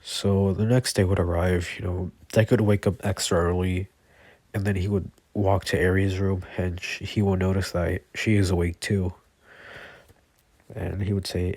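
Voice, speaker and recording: A man's voice: deep voice, level tone, normal speed, darkish tone, breathy edge, no echo. A man casually improvising a fan story, rambling with many fillers and self-corrections.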